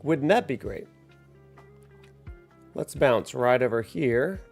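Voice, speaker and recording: A man's voice: mid-range voice, animated, slow pace, gravelly. A man hosting a casual livestream, chatty and upbeat, laughing often. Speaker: livestream host. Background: soft lo-fi music.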